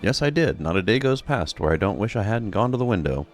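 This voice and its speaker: A man's voice: lowish voice, big pitch swings, quick pace, faint music behind, voice pushed up. A man reading out a game's dialogue while voicing a chatty, dramatic townswoman who witnessed a crime. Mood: mournful. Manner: chatty, dramatic, pious exclamations. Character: gossipy upset townswoman, a witness. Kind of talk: reading game dialogue aloud.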